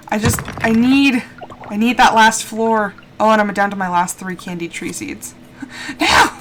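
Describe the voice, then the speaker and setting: A woman streaming a video game live, talking to herself as she plays, pleading with the game and cheering herself on. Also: fairly high pitch. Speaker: gaming streamer. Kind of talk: live gameplay commentary. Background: game music.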